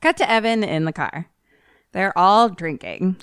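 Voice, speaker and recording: A woman's voice: fairly low pitch, lively intonation, measured pace, a bit bright, clear, resonant tone, no echo, clean studio sound. A woman co-hosting a podcast, casually retelling a film's plot and laughing often.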